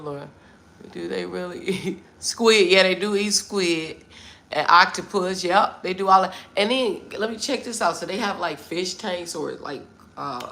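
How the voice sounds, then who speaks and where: Middle-aged woman from the US, gravelly voice, low-pitched, chatty, livestream Q&A. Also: a bit bright. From United States. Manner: chatty, answers viewers' comments. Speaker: livestream host. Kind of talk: casual livestream chat. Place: Vietnam.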